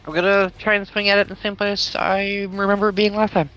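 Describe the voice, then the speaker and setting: A man's voice: high voice, little pitch movement, quick pace, sharp tone, highs cut off, soft background music. A man playing a tabletop game who swears freely and jokes at his own bad rolls. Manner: swears freely, joking and self-mocking. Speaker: player. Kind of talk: casual game chat.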